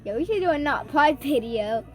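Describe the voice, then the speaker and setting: A woman giving casual, excitable commentary while she reacts to a scary short film, often breaking into jumpy, loud exclamations. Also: high voice, normal speed. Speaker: video reactor.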